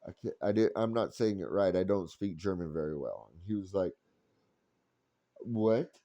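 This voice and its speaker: A man's voice: low voice, brisk, gravelly, dark tone, no room sound, highs cut off. Rambling, profane man telling a story. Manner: rambling, profane, lots of fillers and restarts. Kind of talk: casual storytelling.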